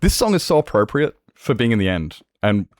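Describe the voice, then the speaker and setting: A man's voice: on the low side, sing-song, brisk, no room sound, clean studio sound. A man chatting casually on a gaming livestream, swearing freely and laughing often. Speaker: streamer.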